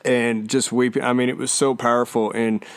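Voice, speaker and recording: A man's voice: medium pitch, level tone, normal speed, dry recording. A man hosting a podcast, talking in a laid-back, casual way and calling his guest dude. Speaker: podcast host. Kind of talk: casual chat.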